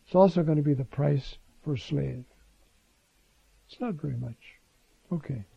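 A man's voice: on the high side, normal speed, vocal fry, breathy edge, no echo. A man teaching scripture in a conversational sermon, with informal asides and restarts, on a dull lo-fi recording.

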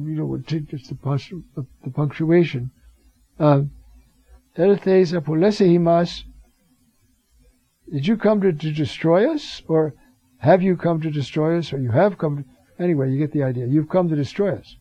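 A man's voice: a little high, a little slow, long pauses, warm tone, dry recording. A man teaching from the Bible in a conversational way, with many fillers and restarts, reading out Greek phrases and acting out the voices he quotes. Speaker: preacher teaching scripture. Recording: dull lo-fi recording.

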